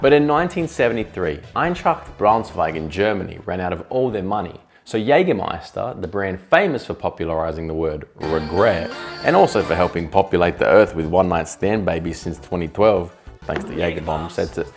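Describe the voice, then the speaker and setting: A man narrating a comedic video essay in a sarcastic, jokey manner, swearing freely. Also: deep voice. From Australia.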